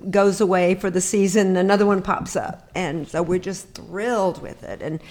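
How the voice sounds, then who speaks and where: A woman's voice: medium pitch, fairly even intonation, normal speed, a little mellow. A woman from Georgia with a Southern accent, a guest chatting enthusiastically about her home. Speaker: guest, actress. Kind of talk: casual chat.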